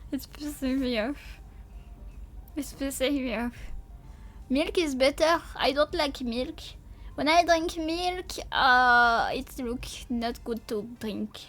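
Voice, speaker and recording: A woman's voice: high voice, slow pace, a bit bright, faint music behind. A woman streamer in casual livestream chat with her viewers. She talks in a playful, silly way, swears often and sounds sleepy. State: sleepy, yawning.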